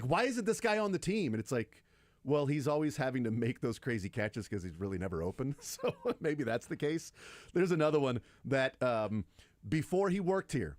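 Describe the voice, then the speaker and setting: A man's voice: medium pitch, darkish tone, dry recording. A man hosting sports radio talk, rambling in a casual and enthusiastic way about favorite old players. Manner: rambling, enthusiastic, fond of nostalgic player picks.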